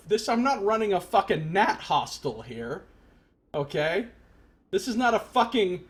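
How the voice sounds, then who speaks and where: A man's voice: a little high, husky. A man streaming a game from his apartment, giving sarcastic, profane commentary as he riffs aloud. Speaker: let's play streamer.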